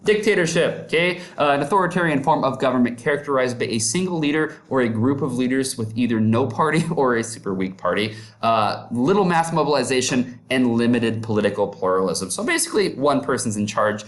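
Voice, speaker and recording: A man's voice: medium pitch, lively intonation, fairly quick, hardly any pauses. A man giving a casual, upbeat classroom lecture who keeps checking in with his listeners. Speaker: teacher.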